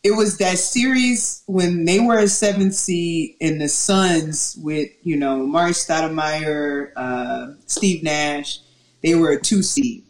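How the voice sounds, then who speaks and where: Animated woman on a roomy mic. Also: sits low, slow pace. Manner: animated storyteller who acts out quotes. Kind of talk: casual sports chat.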